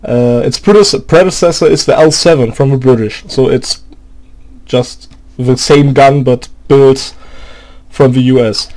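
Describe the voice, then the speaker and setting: Here a German-accented man who makes gaming videos vents angrily about a game in his second language, English, with plenty of swearing and sarcasm. His medium-pitched voice sounds slightly mellow and moves at a somewhat slow pace. He keeps halting as he gropes for English vocabulary.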